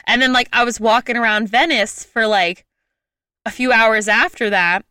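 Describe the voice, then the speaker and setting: A young woman telling a travel story in a casual chat, lively and full of "like" fillers. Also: a little high, normal speed, dry recording, studio quality. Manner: lively, chatty, frequent "like" fillers.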